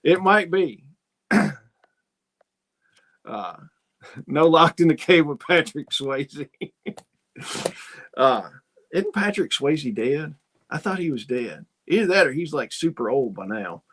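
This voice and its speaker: A man's voice: on the high side, expressive, slow pace, pauses often, a bit bright. A man hosting a casual livestream, reading viewer comments and telling rambling stories in which he acts out both sides of a conversation. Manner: folksy, rambling storyteller who acts out dialogue. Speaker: host.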